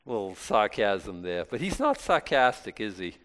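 Guy preaching casually, mid-pitched voice, loose and chatty, keeps restarting. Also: big pitch swings, moderate pace, a bit bright. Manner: conversational, rambling with many restarts; self-deprecating and lightly joking. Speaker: pastor. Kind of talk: informal Bible talk.

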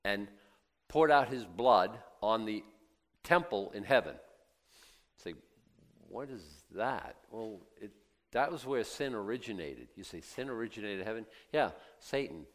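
A man preaching a sermon, swinging between quiet reflection and loud excited emphasis, acting out the voices of biblical figures and doubters. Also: fairly low pitch. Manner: laughs now and then, talks in restarts.

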